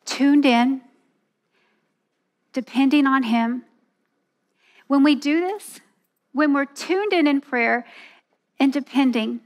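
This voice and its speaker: A woman giving a sermon at a women's church event, earnest and telling a personal story. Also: high voice. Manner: earnest, storytelling, acts out voices with laughs.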